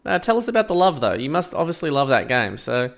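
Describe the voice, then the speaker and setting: A man's voice: mid-range voice, very animated, quick pace, creaky. An Australian man co-hosting a podcast, chatting casually with teasing, wry remarks. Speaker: podcast co-host. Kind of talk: casual chat.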